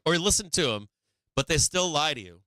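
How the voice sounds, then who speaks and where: A blunt, swearing man rants on his live stream with a bright, forceful edge to his somewhat high voice. His delivery is crisp and clean, and the recording is very dry and close. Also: animated, brisk, dry recording. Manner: profane, blunt, laughing, preachy. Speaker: stock market live stream host. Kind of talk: casual live stream rant.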